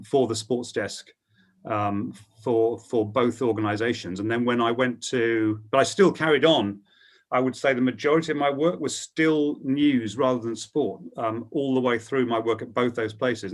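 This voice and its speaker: A middle-aged man, a sports broadcaster on a panel, telling his career story with plenty of ums. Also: medium pitch. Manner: storytelling, hesitant with frequent ums. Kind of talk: anecdotal panel talk.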